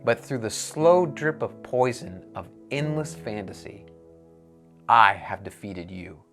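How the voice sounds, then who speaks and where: A man voicing an evil spirit, the devil, gloating and cold, speaking slowly, low and deliberate. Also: lively intonation, creaky, over music, heavily acted.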